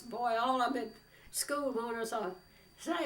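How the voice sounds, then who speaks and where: An older woman telling a rambling, folksy story about her past, with frequent pauses and fillers. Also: on the high side, fairly even intonation, fairly bright tone. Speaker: oral history interviewee. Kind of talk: storytelling reminiscence. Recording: distant mic with faint background noise.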